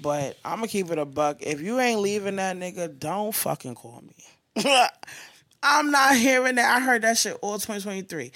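A woman hosting a podcast, venting in casual chat with blunt, profane and animated talk. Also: medium pitch, normal speed, dry recording. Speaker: podcast host.

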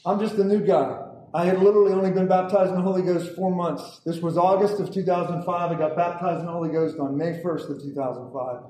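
A man's voice: high voice, fairly even intonation, fast, dark tone. A man preaching and telling a testimony to a congregation, talking emphatically, repeating himself and checking in with "okay?". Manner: emphatic, repeats words, asks audience "okay?". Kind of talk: sermon testimony storytelling. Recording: echoey hall, distant mic, faint noise.

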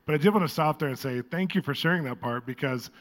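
Fast-talking, chatty male host. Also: on the high side. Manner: enthusiastic, chatty. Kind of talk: hosting a live interview.

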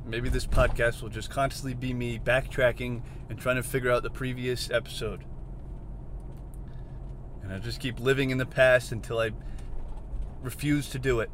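A man hosting a solo podcast from inside a car, rambling and questioning himself, swinging from mutters to shouts. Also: mid-range voice, a little hiss or hum. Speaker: podcast host.

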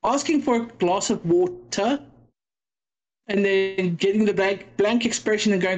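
A woman's voice: medium pitch, unhurried, a little mellow, rough recording. Chatty South African woman. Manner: chatty storyteller, acts out exchanges with quoted voices. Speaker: podcast guest. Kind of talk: casual interview chat.

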